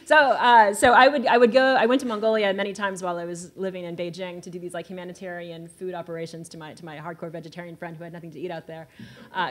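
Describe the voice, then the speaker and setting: A woman from Texas, a writer on a discussion panel, telling an anecdote in an animated way with laughter. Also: fairly low pitch. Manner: animated, laughing, acts out quoted voices.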